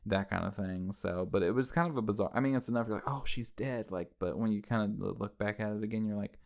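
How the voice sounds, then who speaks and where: Gravelly-voiced man recapping a horror film. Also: on the low side, fast talker, darkish tone. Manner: rambling, conversational, with frequent "like" and "right?". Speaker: film commentary host. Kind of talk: casual movie recap commentary.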